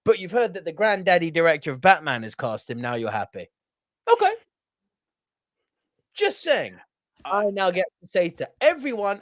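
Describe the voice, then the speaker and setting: Animated, sweary man, lively pitch. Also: brisk, pauses often, no room sound, studio quality. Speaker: podcast co-host. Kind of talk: casual podcast chat.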